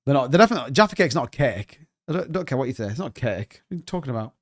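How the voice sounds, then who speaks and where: A crypto livestream host with a medium-pitched voice jokes and banters while reading chat comments. He's animated and talks rapid-fire in a casual style.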